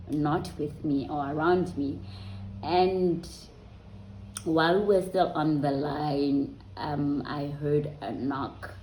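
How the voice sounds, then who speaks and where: Woman, vlogger, low mellow voice, roomy echo. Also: slight background noise. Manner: conversational and unhurried, trailing off with soft ums. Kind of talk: personal storytelling to viewers.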